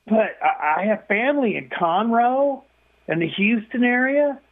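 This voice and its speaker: Older male caller, high-pitched, upset and stammering, heard over a tinny phone line. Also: animated, unhurried. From Texas. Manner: upset, stammering and repeating words. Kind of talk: phone-in call.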